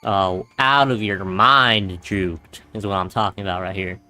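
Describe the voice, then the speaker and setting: A man's voice: sits low, steady tone, measured pace, pushed and bright, soft background music. A man casually commenting on a horror game as he plays, reading the on-screen text aloud and tossing out exasperated, sarcastic asides. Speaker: let's play gamer.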